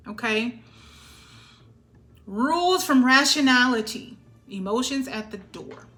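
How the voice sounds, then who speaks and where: A woman with a high, bright voice gives a spiritual tarot reading to her viewers. She is emphatic and sassy and keeps checking in with "all right?" Soft music plays behind her. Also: slow, long pauses. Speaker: tarot reader.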